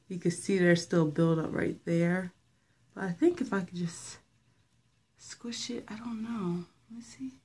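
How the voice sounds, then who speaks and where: A young woman talking casually and rambling through a hair-washing vlog. She is filming herself with a handheld phone in a bathroom at home and is a little out of breath. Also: lowish voice. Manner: chatty, rambling, filler-heavy. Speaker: hair vlogger. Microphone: phone held by hand.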